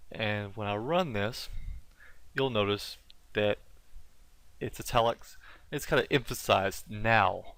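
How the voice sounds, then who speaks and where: A man's voice: medium pitch, fairly bright tone, dry recording. Casual man talking through code. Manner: casual, halting, many fillers and self-corrections. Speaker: tutorial instructor. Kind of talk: unscripted screen-recorded coding tutorial.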